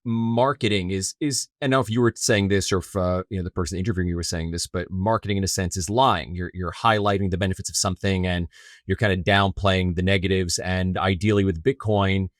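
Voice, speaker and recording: Co-host: lowish male voice, eager and chatty, dry close sound. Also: fairly even intonation, a little fast, no echo. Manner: friendly, enthusiastic, rambling questions. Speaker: co-host interviewer. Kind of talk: casual interview conversation.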